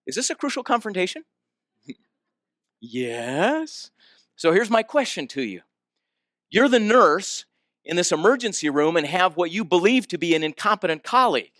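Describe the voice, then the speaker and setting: A high-pitched man delivers a storytelling talk in a studio-quality recording free of room sound. He brings the story to life by asking the audience questions and voicing the people he quotes.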